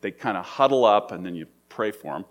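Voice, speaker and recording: A man's voice: lowish voice, lively intonation, a little fast. A man preaching a sermon in a conversational, storytelling way. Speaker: pastor.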